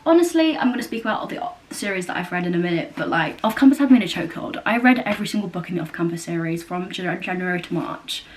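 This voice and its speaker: Young woman chatting about her reads at home, rambly, lots of likes and ums, faint hiss behind. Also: fairly low pitch. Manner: chatty, rambling, lots of fillers and self-corrections. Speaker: book vlogger. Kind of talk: casual chat. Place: new house, indoors.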